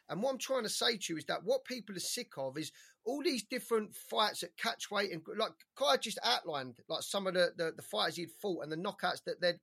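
A man co-hosting a boxing podcast, talking in an animated, rambling way and swearing often. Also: high-pitched, creaky, slightly rough. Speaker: podcast co-host. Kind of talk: casual boxing chat.

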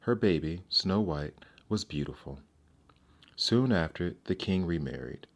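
A man narrating fairy tales in a gentle, expressive storybook reading. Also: low voice, a little slow, gravelly.

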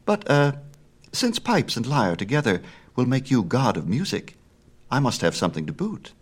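A man's voice: medium pitch, sing-song, moderate pace, husky, pitched above the performer's own voice. A male reader voicing a clever, mischievous infant god who drives sly, mock-polite bargains in a storybook myth. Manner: impish, wheedling, mock-polite.

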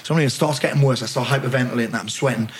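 A man's voice: medium pitch, racing, slight background noise. A middle-aged man with a Geordie accent, telling a story as a podcast guest in a jokey, self-mocking way with plenty of swearing. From North East England. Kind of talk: animated storytelling.

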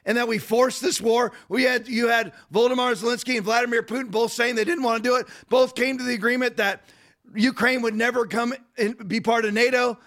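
A man hosting a podcast, giving fast, digressive political commentary full of rhetorical questions. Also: very high-pitched, fairly even intonation, fairly bright tone. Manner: rapid, digressive, rhetorical ranting. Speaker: podcast host.

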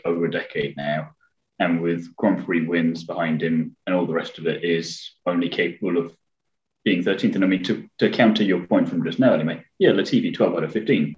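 A man's voice: low-pitched, darkish tone, roomy sound, lo-fi sound. A man co-hosting a podcast, casually chatting with teasing, rambling analysis. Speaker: podcast co-host. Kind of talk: casual chat.

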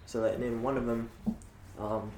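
A young Kiwi in his late teens, guesting in a casual chat, tells relaxed stories laced with filler words. He has a medium-pitched, dark voice with flat delivery and a moderate pace, captured in an echoey room with a faint hiss.

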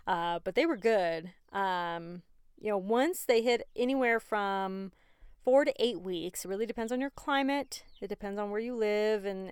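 A woman's voice: mid-range voice, moderate pace, smooth, no room sound, studio quality. A woman hosting a podcast in a casual, rambling, chatty way, with frequent fillers and laughs. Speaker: podcast host. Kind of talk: casual chat.

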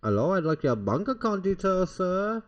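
A man's voice: sits high, big pitch swings, normal speed, voice pushed up. A man playing an insistent, overly polite phone scammer asking for bank details. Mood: pushy. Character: pushy male phone scammer. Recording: slightly muffled podcast audio.

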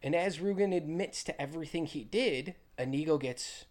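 A man's voice: fairly high pitch, normal speed, darkish tone. Male co-host, enthusiastic scene-by-scene movie recap, casual. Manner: enthusiastic, retells scenes with quoted lines. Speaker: podcast co-host.

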